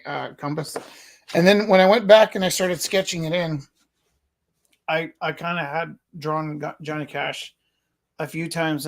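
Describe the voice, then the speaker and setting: Fifties male artist, rambling and self-mocking, slightly higher voice, auctioning his own work. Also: creaky, slight background noise. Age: 50s. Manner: rambling, self-deprecating, jokey. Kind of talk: casual live-stream chat. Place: art studio, indoors.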